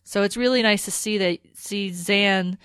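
A woman's voice: mid-range voice, a little slow, clean tone, no echo. A woman co-hosting a podcast, talking casually and animatedly about a TV episode. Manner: animated, rambling, with restarts. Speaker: podcast co-host.

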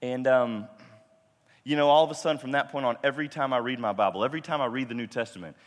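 A man's voice: mid-range voice, quick pace. A man telling a personal story in a sermon, conversational and self-deprecating, acting out the dialogue. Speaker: pastor. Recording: long reverb of a large hall.

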